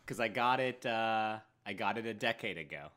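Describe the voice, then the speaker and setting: A man's voice: on the low side, normal speed. A man in casual podcast chat who jokes a lot and joins in on the silly bits. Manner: joking, lively, goes along with silly bits.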